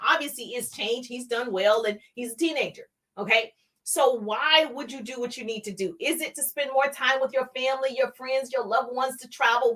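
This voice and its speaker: Brief: middle-aged woman, motivational live-stream coach, high voice, punchy and repetitive. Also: sharp tone, distant mic. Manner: emphatic, repeats key lines, calls to the chat. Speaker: motivational speaker, home-business coach.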